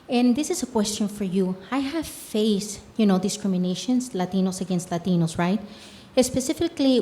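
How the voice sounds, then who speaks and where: A woman's voice: medium pitch, mellow. An earnest woman with a Mexican Spanish accent whose first language is Spanish. She uses a middle-range voice to tell a community health program director's story at a public forum. She leans on tag questions as she talks.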